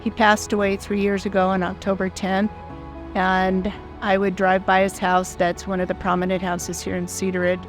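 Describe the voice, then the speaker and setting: A woman's voice: mid-range voice, completely flat delivery, normal speed, faint music behind. A woman in her sixties telling a personal story as a foundation founder, in an earnest, heartfelt, plain-spoken way. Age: 60s.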